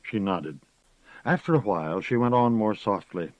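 An audiobook narrator with a low voice reads a novel in scripted narration, sounding animated at a moderate pace. The recording is dry and slightly muffled.

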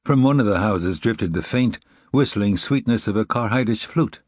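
Male audiobook narrator, low and slightly husky voice, dry close recording, measured reflective read. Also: expressive, dry recording. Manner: measured, reflective, evenly paced reading. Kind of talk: scripted narration.

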